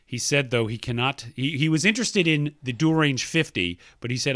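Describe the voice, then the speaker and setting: A man's voice: medium pitch, a little fast, fairly bright tone, no room sound, clean studio sound. A man co-hosting a podcast, reading listener emails aloud in a playful, casual way and laughing often. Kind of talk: casual chat.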